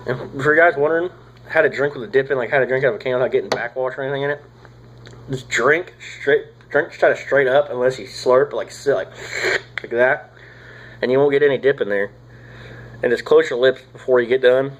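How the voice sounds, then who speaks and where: A man's voice: mid-range voice, fairly quick, dull audio, a little hiss or hum. Drawling profane young man. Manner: rambling, profane, drawling with frequent fillers. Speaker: tobacco reviewer. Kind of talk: casual product review.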